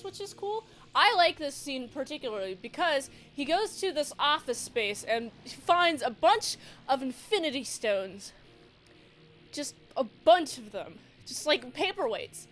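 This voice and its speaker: A woman's voice: high voice, lively intonation, measured pace. A woman casually recapping and reviewing a show, chatty and joking as she acts out quotes.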